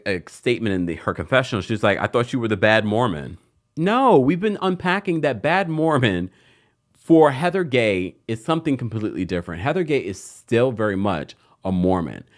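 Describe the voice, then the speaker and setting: A man hosting a casual reality TV recap, chatty and gossipy, with playful asides. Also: medium pitch. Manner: acts out the cast's lines in put-on voices.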